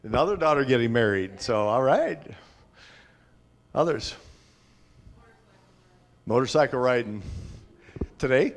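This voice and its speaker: A man pastor talks casually to a small congregation from a church sanctuary. His speech is chatty and halting, full of restarts and filler sounds, in a plain mid-pitched voice. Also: very animated. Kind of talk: informal sermon with congregation sharing.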